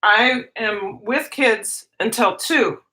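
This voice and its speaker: An excitable woman chats through her own live stream, calling out to viewers by name between stories. Her voice sits a little high and rings bright and forceful, and her talk is loose, chatty and quick to bounce around. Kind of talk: casual live-stream chat.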